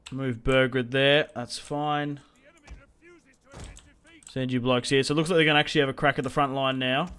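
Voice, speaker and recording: A man's voice: mid-range voice, flat delivery, normal speed, a bit bright, clear, resonant tone. Man muttering battle orders. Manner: chatty, muttering orders to his troops. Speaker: gaming video creator. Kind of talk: casual gameplay commentary.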